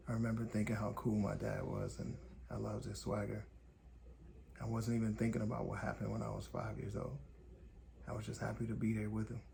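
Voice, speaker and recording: A man from Indiana hosting a podcast, telling a personal story in calm, deliberate, short measured phrases. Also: fairly low pitch, vocal fry, a little hiss or hum. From Gary, Indiana, USA. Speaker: podcast host. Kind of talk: reflective personal storytelling monologue.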